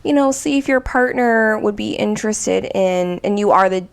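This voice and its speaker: A woman with a gravelly, fry-edged voice co-hosts a casual podcast. She talks in a relaxed, rambling way, full of "kinda" and "you know.". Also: mid-range voice, moderate pace. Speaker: podcast co-host.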